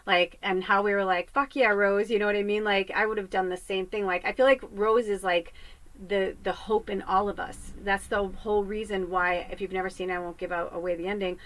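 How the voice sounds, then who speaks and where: A woman's voice: mid-range voice, steady tone, brisk, fairly bright tone, no echo, low-quality recording. Rambling, chatty woman medium. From US West Coast. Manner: rambling, chatty, swears freely. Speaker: psychic medium. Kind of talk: casual spiritual monologue. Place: home podcast set.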